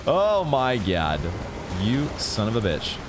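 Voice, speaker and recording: A man giving excitable, swear-laden commentary while playing a video game. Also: medium pitch, takes it slowly, background noise. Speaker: gaming channel host. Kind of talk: live gameplay commentary.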